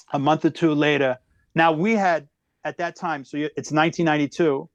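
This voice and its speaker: In a dry recording with dull audio, a middle-aged guest comedian with a voice on the high side tells a lengthy personal story on a podcast. He is an animated storyteller who varies his pace a lot.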